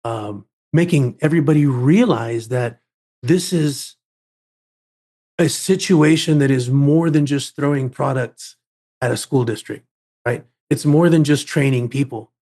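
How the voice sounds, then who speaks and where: Podcast guest, a man, emphatic storyteller with a mellow, husky tone. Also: mid-range voice, measured pace. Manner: emphatic, repeats words while building a point.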